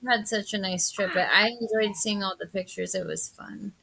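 A woman's voice: mid-range voice, moderate pace, gravelly, sharp tone. A woman co-hosting a casual chat, agreeing often and chiming in. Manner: supportive listener, frequent agreeing. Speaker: co-host.

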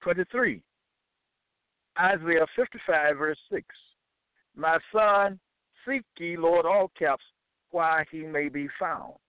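A man teaching from scripture in a deliberate, measured way, citing each chapter and verse aloud. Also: on the high side, clear, resonant tone, dry recording. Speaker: bible teacher. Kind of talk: slow scripture reading and teaching. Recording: dry, tinny phone-like sound.

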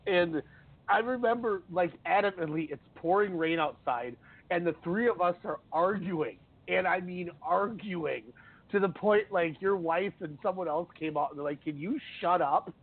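A man's voice: sits high, normal speed. A man hosting sports radio, telling stories in a rambling, emotional way. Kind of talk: casual sports talk. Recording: dry, tinny phone-like line.

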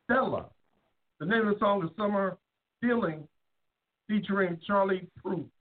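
Laid-back man on a tinny phone line. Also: sits high. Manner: laid-back, spells out names slowly. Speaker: co-host presenting songs. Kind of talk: casual radio-style chat.

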